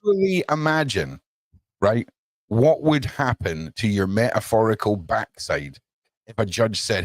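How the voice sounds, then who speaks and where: A man hosts a live call-in chat, joking and handing out roles to his panel. His pitch swings widely as he talks. The sound is dry and close. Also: unhurried, dry recording. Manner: jokey, animated, runs the panel. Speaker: show host.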